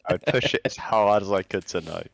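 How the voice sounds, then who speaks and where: A man's voice: lowish voice, fairly quick, creaky, no echo. A man co-hosting a podcast who chips in with dry, blunt remarks during casual chat. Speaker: podcast co-host.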